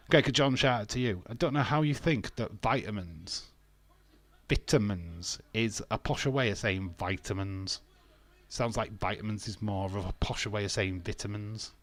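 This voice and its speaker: A man's voice: mid-range voice, normal speed, no room sound. A British man hosting a casual live watch-along, bantering and reading chat comments aloud with frequent laughs. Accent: British English. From England.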